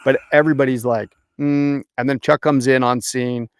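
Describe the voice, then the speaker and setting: A man's voice: mid-range voice, brisk, no echo, clean studio sound. A man hosting a podcast and chatting easily with his guest, at times fumbling with the equipment. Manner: relaxed, chatty, fumbles with the video playback. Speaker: podcast host. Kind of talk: casual interview chat.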